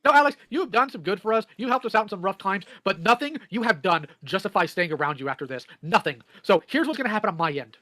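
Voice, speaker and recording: A man's voice: high-pitched, animated, quick pace, hardly any pauses, sharp tone, no echo. A man on a voice call angrily confronting someone, accusatory and emphatic. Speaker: voice call participant.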